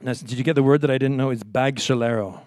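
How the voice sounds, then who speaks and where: A man's voice: medium pitch, steady tone, fast talker, darkish tone. A man from Montreal, a folk singer chatting playfully between songs at a live concert, hesitant and full of fillers. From Montreal, Canada. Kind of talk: stage banter at a live concert.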